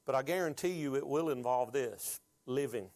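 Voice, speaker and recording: A man's voice: medium pitch, normal speed, darkish tone. A man preaching a sermon as pastor, talking conversationally and building to fervent, rising exhortation.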